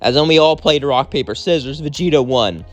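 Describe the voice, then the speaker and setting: A man's voice: mid-range voice, fairly quick. A man casually narrating a fan story in a plain, rambling way.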